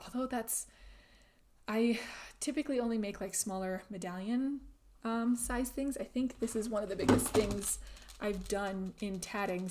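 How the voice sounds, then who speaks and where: A woman hosting a casual craft livestream, chatting easily as she reads out viewer comments and tends to trail off mid-thought. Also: medium pitch. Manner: chatty, warm-hearted, trails off and restarts. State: out of breath. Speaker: livestream host.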